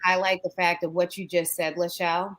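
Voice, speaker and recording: A woman's voice: lowish voice, level tone, fairly quick, a bit bright. A woman co-host in a casual chat, talking in an earnest way and often asking "right?". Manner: earnest, asks "right?" for agreement.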